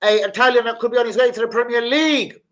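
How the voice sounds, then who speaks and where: A man's voice: very high-pitched, fast. A young man hosting a jokey football transfer live stream, reading out viewers' names. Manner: animated, jokey, reads out chat names. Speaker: football channel host. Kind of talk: live stream chat about transfer news.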